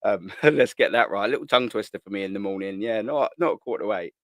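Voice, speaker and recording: Bloke on a live stream, chatty and slangy, keeps restarting, dry close mic. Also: male voice, on the low side, fast talker, dry recording. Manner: chatty, slangy, repeats words and restarts often. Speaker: host of a live morning fan show. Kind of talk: casual live-stream chat reading viewer comments.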